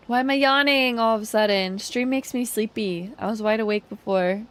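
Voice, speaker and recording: A woman game streamer chatting casually on a live stream, relaxed and chatty, talking to her chat and humming along while she plays. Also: on the high side, fairly quick, hardly any pauses.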